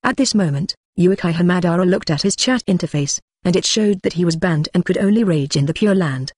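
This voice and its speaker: A synthetic narrator voice reads a web novel aloud, keeping one steady machine tone throughout. It speaks even the punctuation marks. The recording is close and completely dry, with no room sound at all. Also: medium pitch, a little fast, hardly any pauses, dry recording. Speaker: audiobook narrator.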